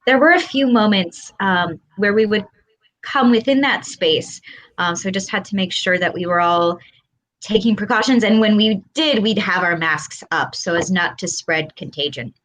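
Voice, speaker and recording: A woman's voice: mid-range voice, normal speed, fairly bright tone. A woman actor guesting in an interview over a video call, articulate and eager. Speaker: theatre company actor.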